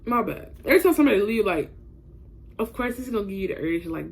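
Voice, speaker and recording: A woman's voice: mid-range voice, lively intonation, fast, vocal fry, slightly rough. A young woman telling a personal story to her viewers in a casual vlog, blunt and profane, talking straight to camera.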